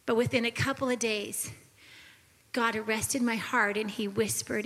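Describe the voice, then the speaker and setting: A woman sharing a personal testimony on a Christian talk show, earnest and confessional, at times dropping to a soft whisper. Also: fairly high pitch, fairly even intonation, unhurried, in a large hall.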